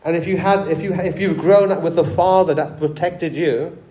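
A man's voice: a little high, fairly even intonation, moderate pace, warm tone, echoey room. A man preaching a sermon, conversational, often asking the church rhetorical questions and repeating words as he restarts. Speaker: pastor.

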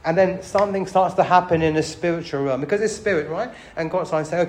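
A man preaching a passionate sermon to his church, swinging between loud exhortation and low, intimate asides. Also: a little fast, few pauses. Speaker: pastor.

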